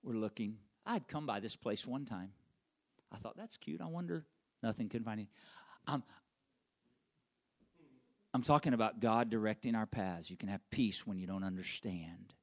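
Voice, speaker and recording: A middle-aged man preaching a sermon, telling a personal story and swinging from loud emphatic peaks to hushed, near-whispered lines. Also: lowish voice, moderate pace. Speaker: pastor.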